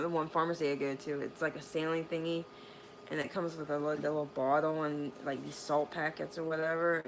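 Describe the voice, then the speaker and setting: A woman with a low-pitched voice tells a casual storytime vlog from her bedroom. She rambles with plenty of fillers and swears freely. A faint background noise sits under her voice. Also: fairly bright tone, low-quality recording. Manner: rambling, profane, lots of fillers. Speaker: vlogger. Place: bedroom at home.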